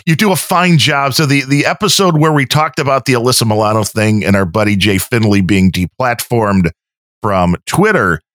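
A man's voice: medium pitch, normal speed, a bit bright, no room sound, studio quality. A man co-hosting a podcast in casual, rambling chat, often breaking off his sentences. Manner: rambling, self-interrupting. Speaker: podcast co-host and editor.

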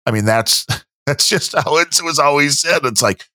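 A man's voice: medium pitch, expressive, normal speed, pushed and bright, no echo, clean studio sound. A man hosting a podcast, rambling and joking in casual chat. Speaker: podcast host.

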